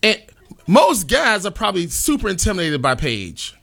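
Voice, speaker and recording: A man hosts a relaxed talk show in a bright, forceful voice. His pitch runs high and swings widely as he jokes. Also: moderate pace, vocal fry. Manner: animated, playful, gives shout-outs. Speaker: host. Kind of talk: casual chat.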